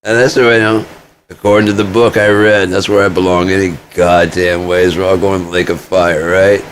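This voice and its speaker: A man's voice: sits low, little pitch movement, fairly quick, a little hiss or hum. A man in a rambling casual monologue, swearing freely and joking at his own expense. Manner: profane, joking, self-mocking. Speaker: vlogger.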